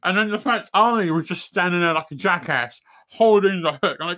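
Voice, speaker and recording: A man appearing as a guest on a casual wrestling talk show, telling stories in an excitable, exasperated way. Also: sits high, brisk, few pauses.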